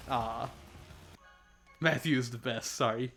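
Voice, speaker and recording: A young man commentating his own racing gameplay live, playful and jokey, getting excitable as he races. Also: mid-range voice, a little slow, creaky, pauses often, soft background music. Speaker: gaming streamer.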